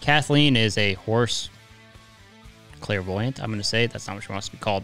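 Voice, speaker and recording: A man's voice: on the low side, normal speed, sharp tone, clear, resonant tone, soft background music. A man hosting a podcast, chatting casually and bluntly with a guest in the studio. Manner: blunt, chatty, says what he thinks. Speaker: podcast host.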